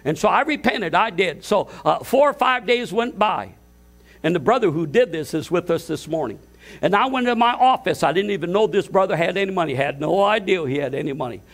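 Older man, pastor, church sermon, high voice, fervent, rising to shouts, repeated restarts. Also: expressive, a little fast. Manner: impassioned, climbing to shouts, stumbling restarts. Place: church service.

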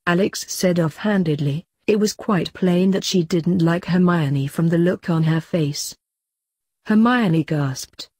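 A woman's voice: fairly low pitch, measured pace, a little mellow, breathy edge, no room sound, clean studio sound. A woman reading fanfiction aloud, narrating steadily and lightly voicing the dialogue. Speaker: fanfiction reader.

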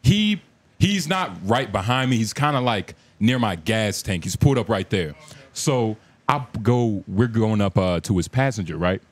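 A man's voice: lowish voice, normal speed. A man on a casual podcast telling a story with lots of energy, acting out the voices of the people in it. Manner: animated, acts out quotes, interrupts to correct. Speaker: podcast co-host.

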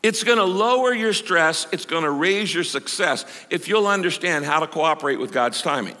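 A man's voice: fairly high pitch, lively intonation, pushed and bright. A man in his sixties, a pastor, preaches a sermon in a conversational way, stretching out key words for emphasis. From United States. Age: 60s. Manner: conversational, with drawn-out emphatic phrases. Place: large church auditorium. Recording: long hall reverb.

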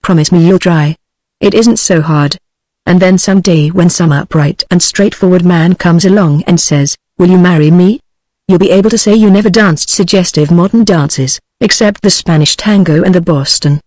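A synthetic British female voice reading the lines of an earnest, preachy sixteen-year-old boy in an even, mechanical way. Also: on the low side, no room sound, lightly acted. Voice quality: even, mechanical text-to-speech delivery.

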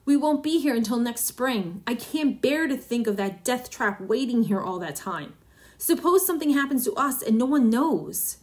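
A woman's voice: a little high, lively intonation, normal speed, natural voice. Brief: woman voicing worried middle-aged wife, pleading, fearful, storybook reading.

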